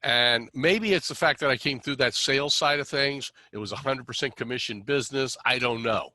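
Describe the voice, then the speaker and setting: A man's voice: medium pitch, brisk, pushed and bright, a little hiss or hum. A middle-aged man hosting a podcast interview, talking conversationally, affirming his guest and adding a little dry sarcasm. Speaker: podcast host.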